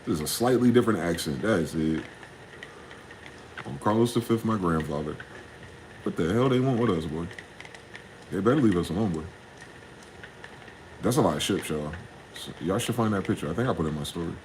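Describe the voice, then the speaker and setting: A man's voice: deep voice, expressive, fairly quick, pauses often, slight background noise, poor audio. Heated, profane man ranting solo. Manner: profane, heated, swings between shouting questions and muttering. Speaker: podcast host. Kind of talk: casual ranting monologue.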